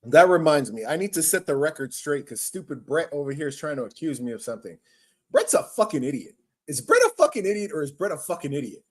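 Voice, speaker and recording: A male host on a casual commentary show, crude and scornful as he reacts to news clips. His pitch swings widely, jumping up into mocking, shouted squeaks. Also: sing-song, fast talker.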